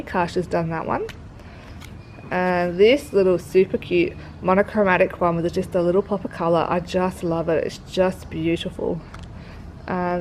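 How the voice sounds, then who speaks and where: A woman's voice: mid-range voice, darkish tone, slight background noise, low-quality recording. A woman with an Australian accent, who says she is sick, chattily walking through a craft kit and gushing over each item. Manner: chatty, gushing, lots of fillers. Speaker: craft shop presenter. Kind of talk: casual product walkthrough. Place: work premises.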